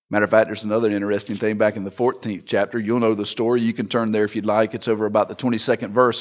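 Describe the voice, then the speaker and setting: A pastor delivering a sermon, moving from hushed storytelling to loud, fervent preaching. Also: male voice, mid-range voice, muffled recording.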